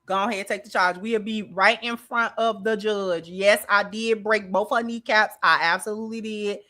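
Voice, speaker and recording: A woman's voice: mid-range voice, steady tone, moderate pace, pushed and bright. A woman hosting a commentary channel, reacting in a sassy, emphatic way and calling people baby.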